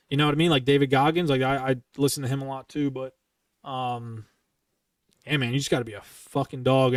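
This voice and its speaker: A young man telling military stories in casual, profane style, bluntly and with lively quoted dialogue. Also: medium pitch, no room sound, studio quality, distant mic. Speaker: streamer recounting military stories.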